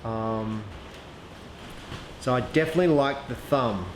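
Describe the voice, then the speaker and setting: A man talks through a piece of archery gear in a relaxed, unscripted way, often pausing on "um" and restarting his sentences. His voice sits at an ordinary middle pitch. The room rings with echo, and there is a faint hum of ambient noise behind him. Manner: chatty, hesitant, lots of ums and restarts. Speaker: archery equipment reviewer. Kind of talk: casual product review, thinking aloud.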